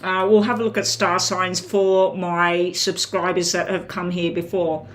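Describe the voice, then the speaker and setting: A woman's voice: lowish voice, level tone, a little slow, a little hiss or hum. A woman reading tarot on a live stream, chatting loosely to her viewers and talking while she eats. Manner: rambling, chatty, talks while eating. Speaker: tarot reader. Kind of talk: casual livestream chat to viewers.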